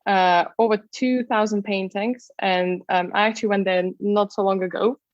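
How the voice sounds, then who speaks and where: A woman's voice: mid-range voice, steady tone, normal speed, no echo, highs cut off. A woman working as a travel guide, chatting casually in an interview with many fillers and restarts. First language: not English. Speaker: travel content creator and tour guide.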